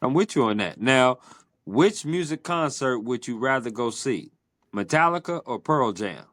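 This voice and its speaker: A man hosting a podcast, asking quick either-or questions in a playful, teasing way. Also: medium pitch, lively intonation, fairly bright tone, no room sound, studio quality. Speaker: podcast host. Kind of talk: casual interview chat.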